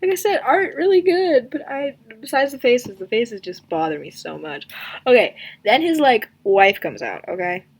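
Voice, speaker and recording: A woman's voice: a little high, sing-song, normal speed, slightly rough. A young woman casually ranting in a comic review, sarcastic and exasperated, with lots of filler words.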